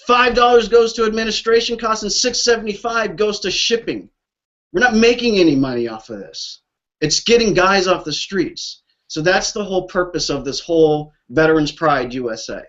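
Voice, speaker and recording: A man's voice: high-pitched, fairly bright tone, muffled recording. A man on a group call speaking about his veterans' flag program, emotional and blunt, swearing and repeating himself. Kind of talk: impassioned talk on a group call. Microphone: call line.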